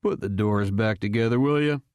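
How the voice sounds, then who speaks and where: A man's voice: on the low side, normal speed, darkish tone, smooth, no echo, studio quality, natural voice. A man voicing a wry, easygoing middle-aged base commander.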